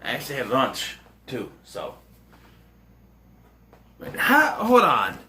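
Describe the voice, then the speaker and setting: A man rambling excitably and jokingly through a casual movie review. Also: medium pitch, takes it slowly.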